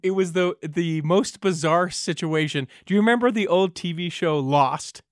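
A man's voice: high voice, moderate pace, no echo, studio quality. A man hosting a casual interview, giving short friendly responses and telling his own story. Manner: friendly, with frequent short backchannels and laughs. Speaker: host.

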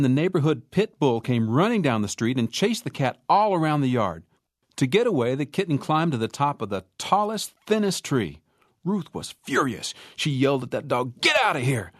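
Man, storyteller, folksy, animated, swooping pitch, dry sound. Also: normal speed, dry recording. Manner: animated, acts out characters.

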